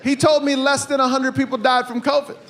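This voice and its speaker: A man doing a stand-up comedy set, telling an animated story and acting out the people in it with big jumps in his voice. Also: very high-pitched, fairly quick. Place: comedy stage before a live audience. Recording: live stage mic with crowd laughter. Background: audience laughter.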